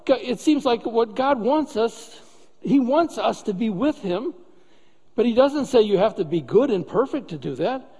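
A male pastor with a high voice delivers a sermon in a relaxed, conversational way and keeps asking rhetorical questions. His voice carries a long reverb that rings through a large hall. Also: unhurried, breathy edge.

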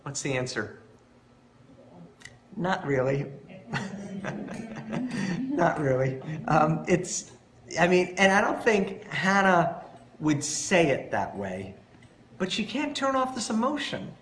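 Man, pastor, sermon, lively conversational storytelling, slightly high voice, roomy echo. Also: takes it slowly, pauses often, a little hiss or hum. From Long Island, New York. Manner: conversational, animated storytelling with rhetorical questions.

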